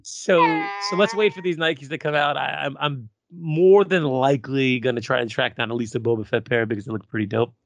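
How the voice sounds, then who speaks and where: A man's voice: medium pitch, fairly even intonation, fairly quick, hardly any pauses, no echo. A middle-aged man co-hosting a casual fan podcast, rambling with fillers and restarts. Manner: rambling with fillers and repeated starts. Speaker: podcast co-host.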